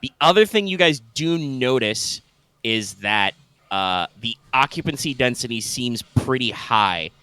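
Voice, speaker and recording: A man's voice: mid-range voice, animated, measured pace, sharp tone, clear, resonant tone, no echo. A man narrating a tabletop game as game master, describing scenes loosely with lots of fillers.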